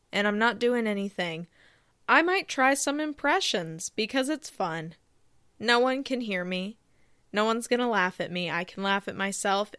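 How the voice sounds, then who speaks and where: Chatty woman with a smooth voice. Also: medium pitch, a bit bright, dry recording, clean studio sound. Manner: rambling, chatty, self-deprecating. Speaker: podcast host. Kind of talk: casual solo podcast chat. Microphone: close studio microphone.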